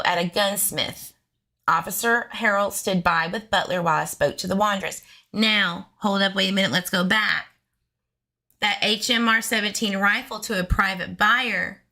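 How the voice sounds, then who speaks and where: A woman's voice: mid-range voice, bright, forceful tone. A woman hosting a true crime channel, reading police documents aloud and breaking off into sarcastic, chatty asides to her viewers.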